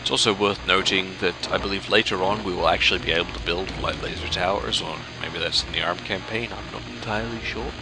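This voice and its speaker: A man commentating a strategy game he is playing, breaking from calm explanation into exasperated, swearing outbursts. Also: low-pitched, fairly quick, gravelly, hardly any pauses, background noise. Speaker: let's play commentator. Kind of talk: gameplay commentary. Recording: game music behind voice.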